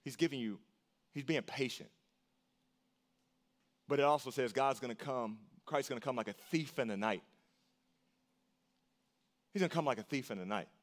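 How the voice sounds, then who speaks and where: A man delivers a sermon as a pastor, earnest and emphatic, at a moderate pace with frequent pauses. He repeats short phrases for weight and jumps up in pitch on key lines.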